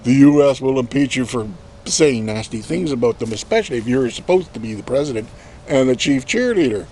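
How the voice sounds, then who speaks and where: A man's voice: medium pitch, animated, brisk, darkish tone, a little hiss or hum. A man, ranting sarcastically in rambling political commentary with lots of swearing. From Canada. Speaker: vlogger.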